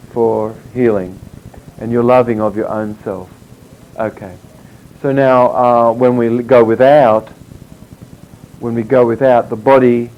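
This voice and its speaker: A man giving an informal health lecture, rambling and halting with many fillers and restarts. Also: mid-range voice. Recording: dull lo-fi recording with faint background noise.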